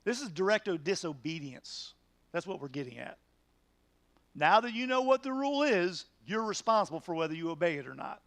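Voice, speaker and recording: A man's voice: high voice, big pitch swings, a little fast, fairly bright tone, no room sound. A man, a pastor teaching a midweek Bible study in an earnest, emphatic way, asking rhetorical questions as he goes.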